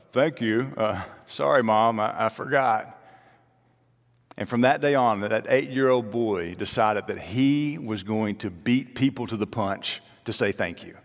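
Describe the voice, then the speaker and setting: A man preaching a sermon as pastor, telling stories and dropping to soft asides. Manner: storytelling, shifts between soft low asides and lively quoted voices. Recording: long hall reverb.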